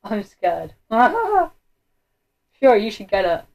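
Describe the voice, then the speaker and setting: A woman's voice: fairly high pitch, unhurried, highs cut off. A woman giving horror game commentary, giggling nervously and squealing with fright. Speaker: gamer.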